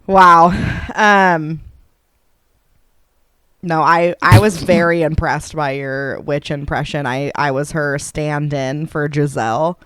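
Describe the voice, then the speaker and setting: A woman's voice: low-pitched, steady tone, slow, fairly bright tone, clean tone, dry recording. A woman co-hosting a podcast in casual chat, an eager storyteller who is supportive and teasing. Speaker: podcast co-host.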